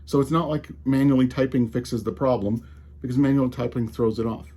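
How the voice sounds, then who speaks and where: A man's voice: medium pitch, steady tone, a little fast, dark tone, husky. A man with a slight Colorado drawl, ranting casually and with exasperation about tech, often restarting his sentences. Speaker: tech commentator.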